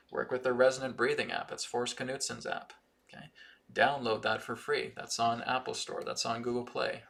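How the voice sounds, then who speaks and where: A man's voice: medium pitch, vocal fry, a bit bright. A man hosting a live-stream spiritual teaching and Q&A, talking earnestly and often checking in with "right?" and "okay?". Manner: reads viewer comments aloud from the chat.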